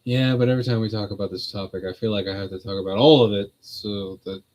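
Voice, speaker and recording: A man's voice: fairly low pitch, steady tone, fast talker, darkish tone, dull audio. A man hosting a streamed religious talk, rambling through his points in a casual, conversational way and laughing often. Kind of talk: casual chat.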